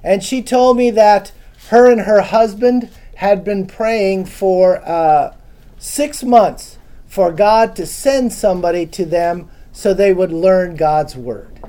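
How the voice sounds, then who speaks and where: A man's voice: sits high, takes it slowly, warm tone. A man giving an informal Bible teaching to a small live audience, chatty and casual, often asking the listeners questions. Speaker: preacher.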